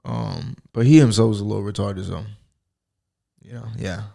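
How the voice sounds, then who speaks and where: Rambling American man with a gravelly voice. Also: on the low side, steady tone, moderate pace, mellow. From United States. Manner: rambling, profane, joking. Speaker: podcast host. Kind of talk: casual solo podcast monologue. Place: at home, alone. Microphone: podcast microphone.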